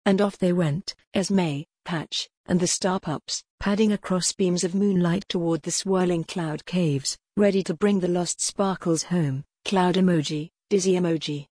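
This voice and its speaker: Breathy, gentle bedtime story narrator, woman. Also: on the low side, fairly even intonation, a little slow, hardly any pauses, dry recording, studio quality. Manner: gentle, soothing storybook reading.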